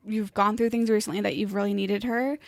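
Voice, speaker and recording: A young woman with a gravelly, fry-laced voice who talks openly and with feeling as a podcast co-host. She slips into the voices of the people she quotes. The recording is close and dry, with no room sound. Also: medium pitch, steady tone, fairly quick, no echo. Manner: heartfelt and emotional, acting out what others said. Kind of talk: candid conversational podcast chat.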